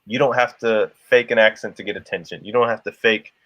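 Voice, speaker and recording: Low-voiced guy rambling on a livestream, dull lo-fi dry sound. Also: fairly even intonation, a little fast, a bit bright, no echo. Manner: rambling, laughs often, restarts a lot. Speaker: livestream co-host. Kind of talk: casual livestream chat.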